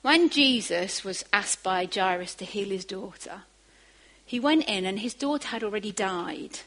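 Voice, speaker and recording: A woman preaching a sermon, moving from quiet asides to emphatic, rising bursts. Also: medium pitch, animated, a little slow, poor audio.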